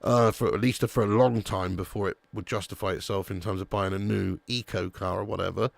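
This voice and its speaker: A man's voice: lowish voice, fairly even intonation, brisk, creaky, dry recording. A young man hosting a live football watch-along stream, chatting casually with viewers and swearing now and then. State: a little sleepy.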